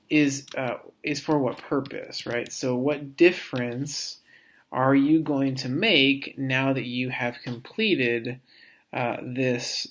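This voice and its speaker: A man giving a recorded course lecture as an instructor. He speaks reflectively, restarts often and repeats words as he works out his thoughts. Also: mid-range voice. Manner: reflective, halting, frequent restarts and repetitions.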